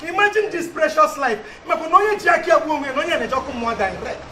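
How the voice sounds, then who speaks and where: A man's voice: very high-pitched, big pitch swings, very fast, a crowd in the background. An actor playing a preachy man with a Nigerian accent who lectures in an emphatic, sermon-like way. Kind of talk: comic TV drama. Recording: roomy and distant.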